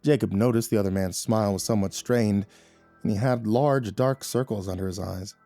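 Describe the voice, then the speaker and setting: Male horror-story narrator, measured, dry close read over faint music. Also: lowish voice, mellow, no echo.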